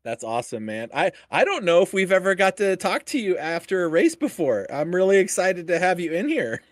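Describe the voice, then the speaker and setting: A man's voice: high voice, sing-song, fairly quick, no echo, studio quality. A man hosting a sim racing broadcast, interviewing a driver after the race in an upbeat, chatty way. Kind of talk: live post-race interview.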